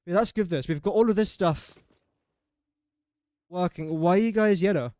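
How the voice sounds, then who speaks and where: A man's voice: high-pitched, normal speed, darkish tone, clean tone, no echo. A young man with an English accent, chatting casually and rambling while livestreaming a building game, often laughing at his own slips. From England. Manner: rambling, self-mocking, chuckles often. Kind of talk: casual gameplay livestream chat.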